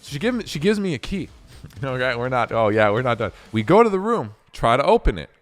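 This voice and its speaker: A man's voice: medium pitch, brisk. A young man from Canada, a streamer, telling a rambling road-trip story with lots of swearing and fillers. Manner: animated, profane, rambling with many fillers. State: recounting a sleepless night drive. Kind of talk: casual storytelling.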